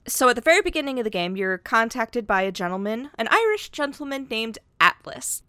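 A woman in her thirties in a casual chat, telling an animated story and acting out quotes with laughs. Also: on the high side, smooth, no room sound, clean studio sound.

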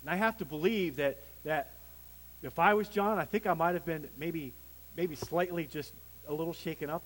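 A man preaching a sermon as pastor, swelling to emphatic peaks and dropping low, with some restarts. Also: moderate pace, long reverb tail, a little hiss or hum, poor audio.

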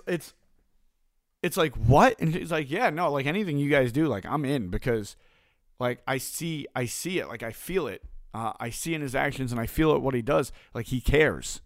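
A man's voice: high voice, no room sound. A man giving a casual motivational talk as a business coach, blunt and profane, hammering points home through repetition.

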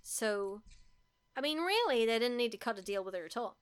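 A woman's voice: on the high side, lively intonation, moderate pace, clean tone. A woman co-hosting a podcast, chatting casually and rambling with dry humour. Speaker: podcast co-host. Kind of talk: casual chat.

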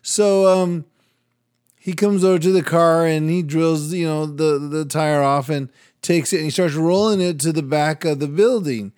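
An older man with a somewhat high voice tells a story in easy, casual chat. He laughs often and jumps into different voices for the people in the story. He talks like the radio and podcast host he is. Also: moderate pace, a little mellow, no echo, studio quality. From Latin American heritage, United States.

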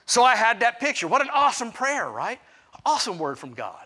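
Bright, high-voiced man telling a sermon story. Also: wildly swooping pitch, fairly quick. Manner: candid, self-deprecating storytelling with asides. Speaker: pastor.

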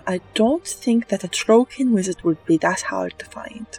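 A player in a tabletop game, speaking in a hesitant, halting way. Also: medium pitch, a little mellow, distant mic, faint music behind, poor audio.

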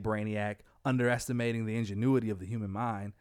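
A man casually retelling a comic book plot, quoting the characters in his own voice with lively bursts. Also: fairly low pitch, normal speed, clear, resonant tone, no room sound, studio quality. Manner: animated storyteller, quotes characters in his own voice.

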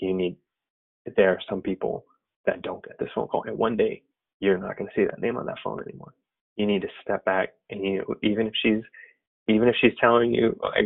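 This man's voice is fairly low and husky with a gravelly edge, and his manner is earnest and reflective. He tells a personal faith story in a loose way, full of fillers, and the audio sounds thin and tinny, like a phone line.

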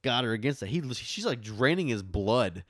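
A man's voice: mid-range voice, sing-song, moderate pace, a bit bright, no echo, clean studio sound. A man hosting a casual film discussion, recapping scenes in a rambling, enthusiastic way with plenty of fillers.

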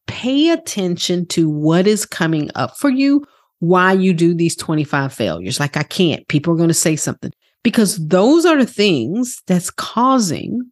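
A woman hosting a motivational podcast as a wellness coach, talking earnestly and casually swearing, who often slips into quoted inner voices. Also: lowish voice. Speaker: wellness coach and program host.

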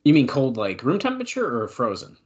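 A young adult man co-hosting a casual wrestling watch-along podcast, excitedly calling the moves and chatting between them. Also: mid-range voice, a little fast, highs cut off. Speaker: podcast co-host.

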